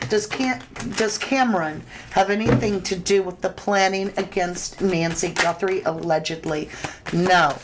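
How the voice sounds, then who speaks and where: A woman's voice: on the low side, steady tone, a little slow, heavy background noise. A woman hosting a live tarot reading, chatting through viewers' questions in a conversational way. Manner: chatty and conversational, with frequent restarts and fillers. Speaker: tarot reader host.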